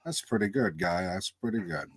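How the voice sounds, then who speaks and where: A man's voice: low-pitched, expressive, normal speed, breathy edge, dry recording. Sarcastic, teasing male co-host. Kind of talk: casual live-stream chat.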